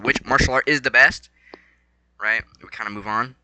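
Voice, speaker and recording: A young man recaps fight night in a loose, rambling vlog voice. His tone is very bright and sits at an ordinary middle pitch. He stays excitable and slangy, dropping to mumbles and then leaping into loud outbursts. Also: normal speed, low-quality recording. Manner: excitable, slangy, swings between mumbling and shouting. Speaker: vlogger.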